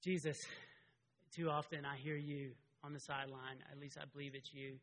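A middle-aged man preaching a sermon as a pastor, conversational and animated, often restarting his sentences. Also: medium pitch, normal speed, slight background noise. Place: church sanctuary. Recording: long reverb of a large hall.

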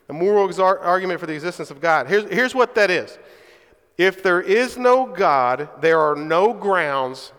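A man's voice: high voice, a bit bright. A man preaching a sermon in a church, speaking emphatically and often checking in with his listeners by asking "right?". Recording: reverberant hall.

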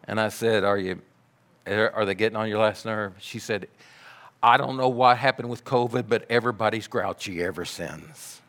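A man preaching a sermon, telling a story in a measured way and dropping to soft, quiet passages. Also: lowish voice. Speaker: pastor.

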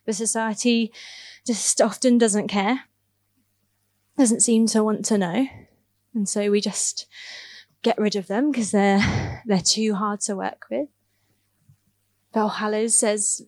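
A woman's voice: mid-range voice, fairly even intonation, slow pace, pauses often, darkish tone, no room sound. A woman, a youth ministry worker, telling casual, earnest stories in a church talk, laughing now and then and often saying "like". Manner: casual, earnest, laughs at her own stories, many fillers like "like". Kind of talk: church talk, personal storytelling.

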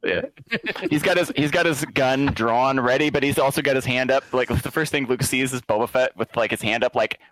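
A man's voice: medium pitch, brisk, low-quality recording. A man co-hosting a podcast in casual chat, animatedly acting out scenes. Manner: animated storyteller, acts out scenes. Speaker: podcast co-host.

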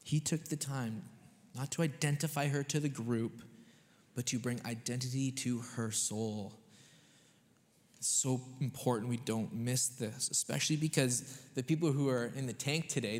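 A man's voice: mid-range voice, moderate pace. Emphatic male pastor in a reverberant church. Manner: conversational and emphatic, often checking in with the audience. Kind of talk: sermon. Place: church sanctuary. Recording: long reverb of a church hall.

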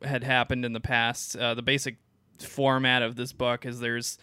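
A young man hosts a casual comics chat, his voice bright and crisp. He rambles in a relaxed, self-deprecating way, recorded close and dry. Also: mid-range voice, normal speed, dry recording. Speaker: podcast host.

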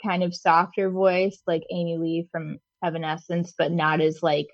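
A woman's voice: on the low side, flat delivery, moderate pace, no room sound, highs cut off. A woman in her thirties co-hosting a podcast in casual chat, laid-back and full of fillers. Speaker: podcast co-host.

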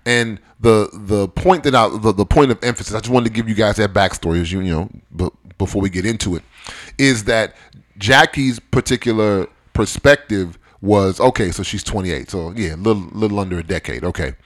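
A man's voice: lowish voice, fairly quick, few pauses. A man of about forty hosting a casual discussion podcast, talking in a conversational, digressive way with joking asides. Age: around 40. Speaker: podcast host.

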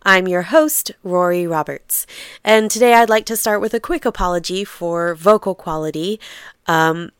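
A woman's voice: on the low side, normal speed, clear, resonant tone, dry recording, studio quality. A woman podcast host who is sick and sounds nasal and congested, chatting briefly and then reading a narrative passage aloud.

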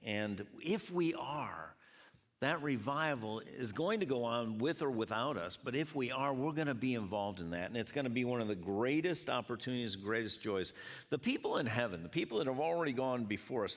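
A man preaching a sermon to a congregation, chatting with the audience as he goes. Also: medium pitch. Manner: lively, conversational preaching with audience banter. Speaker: pastor. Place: church sanctuary. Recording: long hall reverb.

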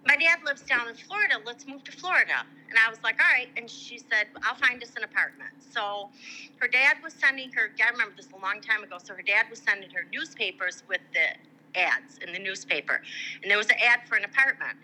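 A woman's voice: medium pitch, fairly quick, rough recording. A middle-aged woman from Michigan telling a long personal story in casual chat, acting out the voices of people she quotes. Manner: animated, acts out quoted voices. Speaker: guest.

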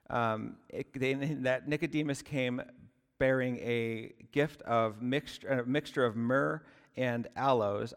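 A man preaches a sermon in a church sanctuary, speaking in a conversational way and tossing rhetorical questions to his listeners. His voice sits at an ordinary middle pitch. The sound carries a long reverb from the hall. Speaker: pastor.

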